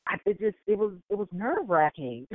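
A woman telling stories in a casual chat, animated and full of laughter, acting out what people said. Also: mid-range voice, a little fast, dry recording. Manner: animated storyteller, big laughs, acts out quotes. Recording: tinny phone-like line, dry.

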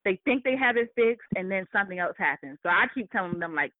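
A woman telling a workplace story in casual chat, animated, swearing freely and often breaking into laughter. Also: medium pitch, quick pace, dry recording. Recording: thin phone-like dry sound.

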